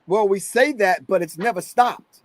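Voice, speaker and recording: A man's voice: high voice, moderate pace, no echo. A middle-aged man hosting a live stream, giving emphatic, preachy commentary and calling his audience family. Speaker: host.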